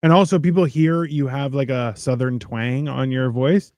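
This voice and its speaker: A man co-hosting a casual podcast, telling stories with acted-out voices and deadpan, crude humor. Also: mid-range voice, moderate pace, no echo, studio quality. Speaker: podcast co-host. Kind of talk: casual chat.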